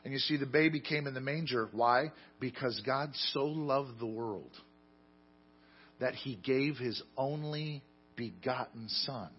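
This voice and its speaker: A man preaching a sermon, telling stories with self-deprecating humor and swinging between loud emphasis and quiet asides. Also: mid-range voice, measured pace, dull audio, a little hiss or hum. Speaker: pastor.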